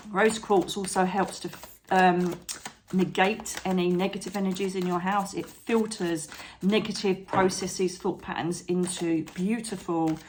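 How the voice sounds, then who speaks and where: A woman doing a chatty tarot reading to camera, encouraging and fond of tag questions like "okay?". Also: on the low side. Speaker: psychic tarot reader.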